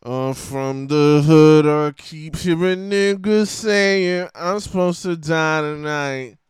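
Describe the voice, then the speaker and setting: A man putting on an impression of a tough male rapper, talking slowly in a mumbled, menacing drawl. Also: fairly high pitch, clean tone, dry recording, clean studio sound.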